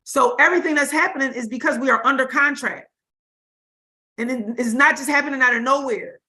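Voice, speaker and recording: A high, bright woman's voice giving a spiritual talk on a livestream. She speaks in loose, casual vernacular and leans on repetition to drive her points home. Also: fairly quick. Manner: informal, emphatic, repeats for stress. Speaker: spiritual teacher.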